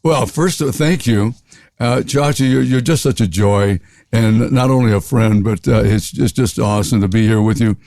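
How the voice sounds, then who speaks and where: Older Southern-raised radio veteran, interview guest, loves jokes and silly voices; dry close mic. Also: male voice, mid-range voice, moderate pace, dark tone, dry recording. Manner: jokey, playful voices, laughs often. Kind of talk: storytelling interview.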